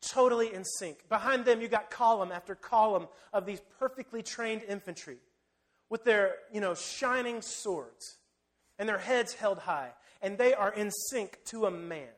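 A man preaching a sermon, telling the story vividly and swinging between loud emphasis and hushed, quiet lines. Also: sits high, normal speed. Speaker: pastor.

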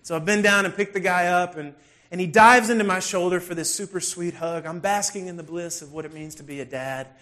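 A man's voice: sits high, a little fast. A man, telling a funny story in a sermon and acting out the scenes with self-mocking humor. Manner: animated, self-deprecating, acts out scenes.

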